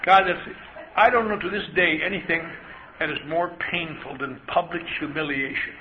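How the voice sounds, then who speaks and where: Speaking at an AA meeting in a big hall, this older man delivers wry, self-deprecating stories slowly, pausing often and mimicking the voices of his characters. For a man, his voice sits a bit high. The live lo-fi recording sounds muffled, with a constant hiss.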